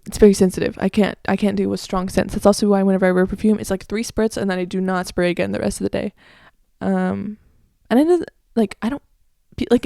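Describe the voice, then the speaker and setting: Here the teenage American host has a mellow, medium-pitched voice touched with vocal fry, captured in studio quality without room sound. She rambles through a casual solo podcast, saying "like" constantly, fixing her own words, and holding strong opinions.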